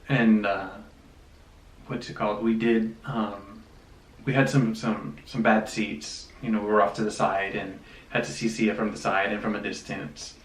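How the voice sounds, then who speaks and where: Low-voiced man with many fillers. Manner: relaxed, hesitant with many fillers. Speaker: vlog co-host. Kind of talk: casual storytime chat. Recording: roomy sound from a distance.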